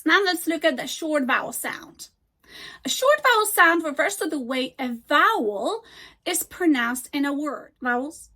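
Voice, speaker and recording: A woman teaching an English grammar lesson, slowly and deliberately modeling example words. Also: sits high, animated, pushed and bright.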